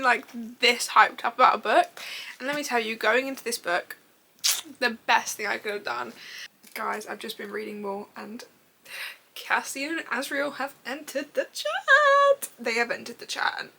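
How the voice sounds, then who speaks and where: A young woman talking straight to her camera in a casual reading vlog. She gushes and giggles, rambles on excitedly and swears now and then. Her voice sits a little high and sounds bright and sharp. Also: normal speed, gravelly, slight background noise. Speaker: book vlogger.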